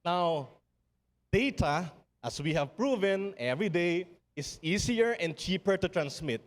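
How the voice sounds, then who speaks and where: A man's voice: high voice, expressive, a little slow. Filipino man speaking in an echoing hall. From Philippines. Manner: earnest and rousing, with repeated refrains and restarts. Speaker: summit speaker. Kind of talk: conference keynote speech. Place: large conference hall. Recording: long hall reverb.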